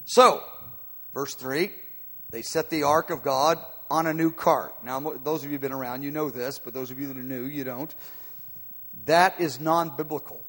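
A man preaching a sermon in a large hall. He talks emphatically, swinging from loud bursts to quiet asides. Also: on the high side, steady tone, moderate pace. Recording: long hall reverb.

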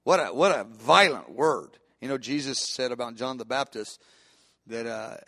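A man's voice: medium pitch, lively intonation, normal speed, bright, forceful tone, no room sound, clean studio sound. A man preaching a sermon with impassioned delivery, often restarting phrases and building to emphatic peaks.

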